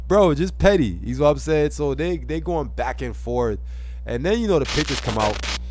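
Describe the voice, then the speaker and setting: A man's voice: on the high side, animated, measured pace, pauses often, a little mellow, slight background noise. A man hosting casual reaction commentary, joking and laid-back in slang. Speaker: commentary host.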